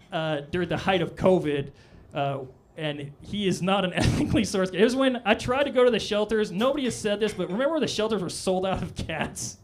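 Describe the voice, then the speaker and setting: On a club stage, a man does a stand-up comedy set, his voice sitting high. His delivery is loose and rambling, peppered with "all right?" asides.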